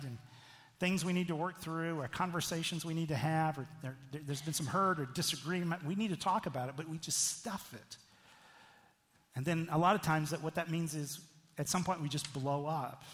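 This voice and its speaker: A man's voice: a little high, big-room sound. A middle-aged man preaching a sermon as a pastor, in a conversational way that keeps checking in with the listeners. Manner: conversational, frequent "right?" asides.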